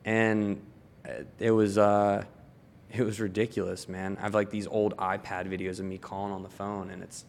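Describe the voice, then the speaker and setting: A young man from Maryland, a tailor and guest, telling animated stories in casual chat, swearing and laughing often. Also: fairly low pitch, normal speed, vocal fry.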